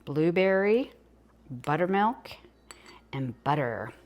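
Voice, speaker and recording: A woman's voice: deep voice, animated, slow pace, lo-fi sound. An older woman with a Southern US accent, chatting folksily through a casual home cooking demonstration. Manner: chatty, folksy, talks while eating.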